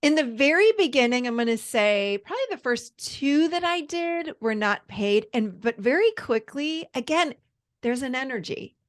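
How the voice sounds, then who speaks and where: A woman's voice: sits high, lively intonation, moderate pace. A woman therapist and coach speaking as an interview guest, earnest and enthusiastic. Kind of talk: casual interview chat.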